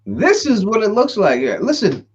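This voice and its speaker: A man hosting a casual livestream, an animated storyteller who laughs often and repeats himself. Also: high voice, moderate pace, husky. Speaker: host. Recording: dull lo-fi stream audio.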